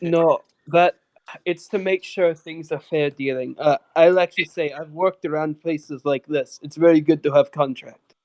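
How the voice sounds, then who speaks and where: A man's voice: fairly high pitch, steady tone, normal speed, a little mellow. A man playing a tabletop role-playing game, talking in a chatty, explaining way. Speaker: player. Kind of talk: tabletop role-play chat.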